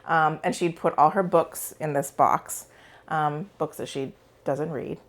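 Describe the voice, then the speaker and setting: A woman's voice: deep voice, steady tone, unhurried. A woman in her forties, a psychologist guest, telling a personal story in a casual interview with many fillers.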